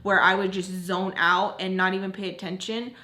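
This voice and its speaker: A young woman telling a personal story in a casual, chatty way, full of "like", with animated retelling. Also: mid-range voice, normal speed, slight background noise. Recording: roomy echo.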